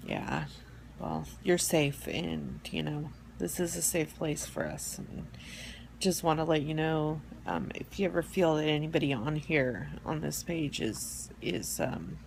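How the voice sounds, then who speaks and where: Gravelly-voiced woman hosting a live stream. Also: low voice, lively intonation, a little hiss or hum. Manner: rambling, halting, with many fillers and restarts; soft and heartfelt, near tears at times. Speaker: host of an online support group. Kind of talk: casual live-stream talk. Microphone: phone or webcam for a live stream.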